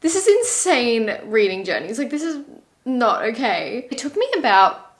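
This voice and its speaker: A woman's voice: fairly high pitch, sing-song, moderate pace. Emotional, gushing young woman book vlogger. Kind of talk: casual reading vlog.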